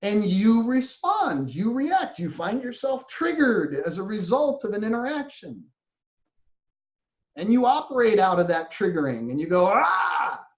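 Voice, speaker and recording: A man giving a reflective spiritual talk as a teacher, gentle and earnest, sometimes acting out inner voices. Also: high voice, very animated, a little slow. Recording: roomy, dull lo-fi recording.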